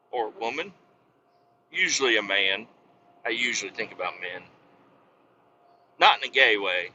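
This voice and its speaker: A man's voice: on the low side, lively intonation, moderate pace, pauses often, bright, forceful tone, dull audio, a little hiss or hum. A man in his thirties hosting a podcast, rambling in a jokey, profane monologue. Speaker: podcast host.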